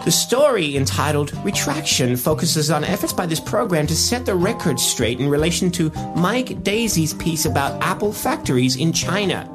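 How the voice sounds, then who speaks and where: A man doing a parody of a public radio host reading an on-air retraction in a measured, earnest way. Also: fairly high pitch, animated, over music, lightly acted. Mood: earnest solemn.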